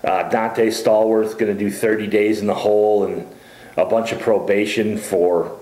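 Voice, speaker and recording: A man's voice: lowish voice, flat delivery, moderate pace, a little mellow. A man hosting a casual sports chat show, teasing his co-host with jokes. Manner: joking, teasing banter. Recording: roomy echo.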